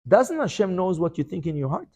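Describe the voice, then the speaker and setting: A rabbi teaching an animated Torah class, firing rhetorical questions and mixing in Hebrew terms. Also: male voice, sits high, fairly quick.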